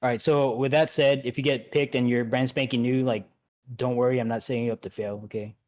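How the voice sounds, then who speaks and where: A man leading an online game raid, giving relaxed instructions with many fillers and restarts. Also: mid-range voice, a little fast. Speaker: raid leader. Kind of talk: casual instructions over voice chat.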